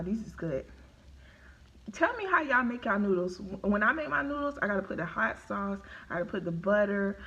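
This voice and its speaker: A woman's voice: mid-range voice, lo-fi sound, background noise. A woman vlogger telling a story to her viewers in casual, chatty talk, during a live-streamed eating video. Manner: chatty, animated, talks to viewers as y'all. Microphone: phone or webcam on live stream.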